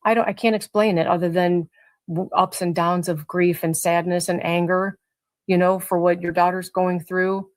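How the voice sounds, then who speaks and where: A woman, a mother being interviewed on a live stream, speaks haltingly with frequent restarts and trailing phrases. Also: on the low side, flat delivery, dry recording. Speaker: guest, mother in a crash case.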